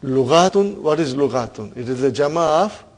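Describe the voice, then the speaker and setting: A man teaches an Arabic grammar class, quizzing students, repeating terms, and often checking in with "huh?" during the lesson. His voice sits on the high side, expressive, at a moderate pace.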